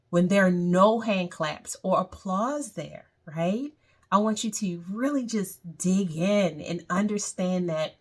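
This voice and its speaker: A woman leading a guided meditation, speaking in a soothing, repetitive way. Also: fairly low pitch. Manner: slow, soothing, repeats phrases.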